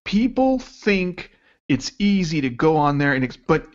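A man's voice: fairly high pitch, big pitch swings, a little slow, dull audio. A man co-hosting a podcast, casually chatting about a movie and agreeing along. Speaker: podcast co-host. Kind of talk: casual film discussion.

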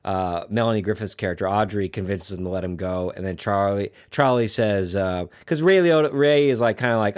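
Male film-chat co-host, animated, growls quoted lines. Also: a little fast, hardly any pauses. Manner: acts out movie lines in low growls, animated. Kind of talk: casual film discussion.

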